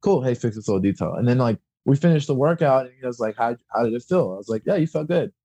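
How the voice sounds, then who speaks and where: A young man with a dark, husky voice talks bluntly about coaching in a relaxed podcast chat. He swears freely and acts out what people said to him. The sound is dry and close. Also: mid-range voice, fast talker, no room sound. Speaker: wrestling coach and guest.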